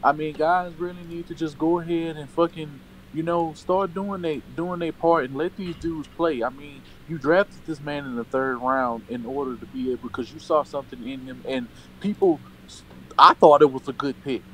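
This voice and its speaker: A man's voice: a little high, steady tone, normal speed, few pauses, a little hiss or hum, low-quality recording. A man co-hosting a casual sports debate, emphatic and profane, hammering his points with repetition. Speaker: sports talk co-host.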